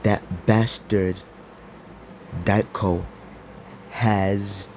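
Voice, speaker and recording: A man voicing an angry, troubled young male superhero mentor, halting and plain. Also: lowish voice, flat delivery, a little mellow, slight background noise. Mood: upset.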